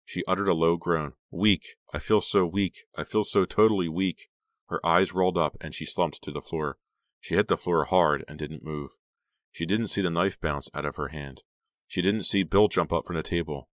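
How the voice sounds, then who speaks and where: A man reads a horror novel aloud in a steady, dramatic way. His voice is very deep. It is recorded close and dry, with no room sound. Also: moderate pace, no echo. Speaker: audiobook narrator. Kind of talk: scripted horror audiobook narration.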